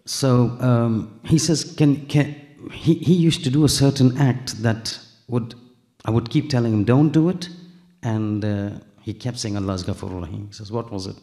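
Gravelly-voiced male preacher telling a story. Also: medium pitch, moderate pace. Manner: animated storyteller, acts out dialogue, mixes in Arabic and Urdu phrases. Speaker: Islamic preacher. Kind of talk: sermon with storytelling.

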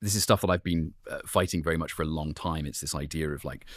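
A man's voice: a bass voice, quick pace, fairly bright tone, no room sound, studio quality. A man who works as a sculptor, talking passionately and emphatically in a panel discussion. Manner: passionate, emphatic, acts out quotes.

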